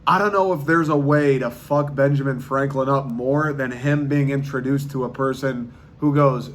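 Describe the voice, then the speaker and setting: Man, podcast host, comic monologue, incredulous rant, middle pitch, casual slang. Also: normal speed, few pauses, slight background noise. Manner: animated incredulous ranting, casual swearing and slang.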